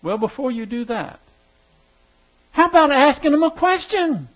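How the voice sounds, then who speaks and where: A man's voice: extremely high pitch, animated, moderate pace. A man teaching a class in a conversational way, putting questions to his listeners. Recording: dull lo-fi recording.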